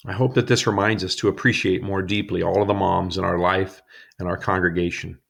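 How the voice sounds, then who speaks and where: A man's voice: sits low, flat delivery, a little fast, gravelly, a bit bright. A man delivering an earnest sermon to a congregation, telling personal stories and reading scripture. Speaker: preacher.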